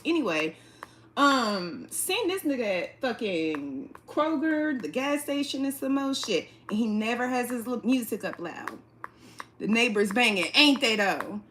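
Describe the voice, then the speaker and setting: Bright, blunt, profanity-heavy woman livestreaming. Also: fairly high pitch, very animated, a little hiss or hum. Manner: blunt, profane and loud, with quick laughs. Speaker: livestream host. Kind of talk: casual livestream chat, reading the chat aloud. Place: indoors at home, an apartment.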